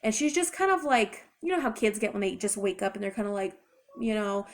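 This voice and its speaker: A young adult woman retelling a personal story in a chatty, rambling, expressive way. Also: mid-range voice, a little fast. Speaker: vlogger. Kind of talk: casual storytime.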